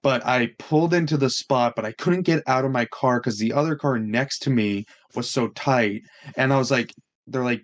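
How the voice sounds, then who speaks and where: A young man co-hosting a casual podcast tells a story in an animated way, swearing often and acting out what other people said. His voice is mid-range and a little fast.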